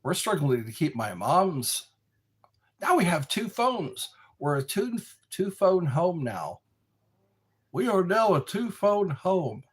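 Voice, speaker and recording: Man, husky voice, slow meandering live-stream chat, lively pitch. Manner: slow, meandering, talks to viewers. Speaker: livestream host. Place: dark room lit by a candle.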